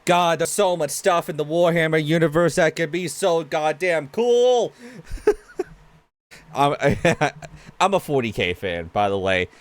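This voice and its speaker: A man hosting a casual reaction to game trailers, excitable, laughing often and swearing freely. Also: fairly high pitch, takes it slowly. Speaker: gaming reaction host.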